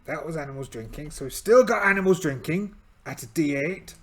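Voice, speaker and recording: Gravelly Englishman playing a pirate game. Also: on the high side, lively intonation, a little fast. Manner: chatty, self-mocking, hammy pirate talk. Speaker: solo tabletop game player. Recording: light music underneath.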